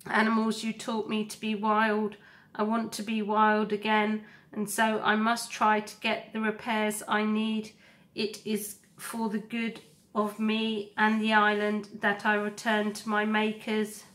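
A woman voicing a calm, earnest female robot who speaks slowly and resolutely to her son. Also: mid-range voice, natural voice.

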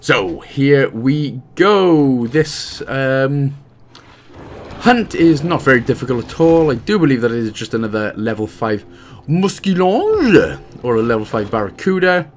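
A man's voice: mid-range voice, animated, measured pace, a little hiss or hum. A man with a Welsh accent giving a casual, jokey walkthrough of a video game as host of a guide channel. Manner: chatty, jokey, rambling asides.

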